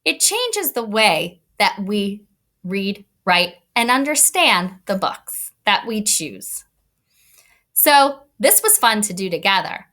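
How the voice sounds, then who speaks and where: A woman teacher giving an online read-aloud lesson to young children, talking in an expressive, kid-directed way. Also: medium pitch. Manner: animated, expressive teacher voice addressing kids. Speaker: elementary school teacher.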